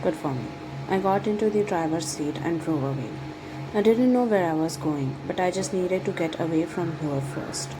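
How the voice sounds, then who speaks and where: A woman reading a first-person romance story aloud in a dramatic, lovestruck manner, over steady background noise. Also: lowish voice, moderate pace. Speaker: fan fiction reader.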